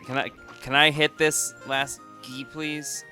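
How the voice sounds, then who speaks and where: A man's voice: mid-range voice, level tone, slow, bright, forceful tone, soft background music. A man giving casual, jokey gameplay commentary as a let's play host, chatting to the game as he plays.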